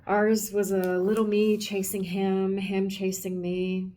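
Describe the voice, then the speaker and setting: A woman reading aloud the lines of a middle-aged comic-book woman, slow and reminiscing. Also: mid-range voice, flat delivery, mellow, natural voice. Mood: wistful.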